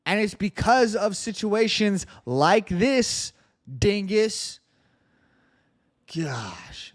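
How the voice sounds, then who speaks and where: Male podcast host, sarcastic political monologue, average pitch, reads quotes fast.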